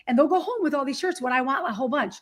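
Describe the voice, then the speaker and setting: Excited woman telling a story. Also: sits high, very fast. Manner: excited, animated storyteller acting out quotes. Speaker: panelist. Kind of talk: webinar panel storytelling. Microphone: video call.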